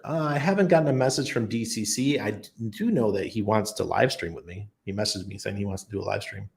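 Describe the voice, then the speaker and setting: A man's voice: fairly low pitch, quick pace, creaky, few pauses. A man hosting a casual livestream, reading out viewer comments and answering them off the cuff in a chatty way. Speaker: crypto livestream host. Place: home in Panama.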